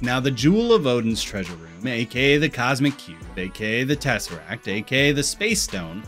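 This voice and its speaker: A man's voice: mid-range voice, a bit bright. A man with a Missouri accent narrating a scripted film commentary with wry, sarcastic asides. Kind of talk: scripted video-essay commentary.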